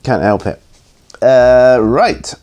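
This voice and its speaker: A tired man hosting a hobby Q&A, rambling and hesitant with many pauses and ums, yawning as he goes. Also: mid-range voice, expressive, a little mellow, muffled recording. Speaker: hobby channel host answering viewer questions. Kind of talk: casual Q&A chat.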